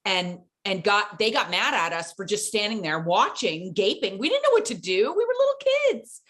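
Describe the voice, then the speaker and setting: A woman co-hosting a casual TV recap, excitable and gushing, laughing often. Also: mid-range voice, normal speed. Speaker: podcast co-host.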